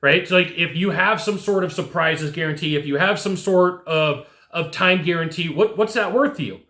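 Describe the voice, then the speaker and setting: A man giving an animated sales coaching talk, speaking straight to the listener and often checking in with "right?". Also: a little high, normal speed. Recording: echoey room.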